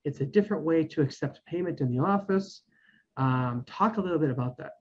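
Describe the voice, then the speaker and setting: A man's voice: a little high, lively intonation, fairly quick, a little mellow, slight background noise. A man hosting a podcast interview, friendly and laughing often, with hesitant fillers. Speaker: podcast host. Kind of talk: casual interview chat. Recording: dull lo-fi audio.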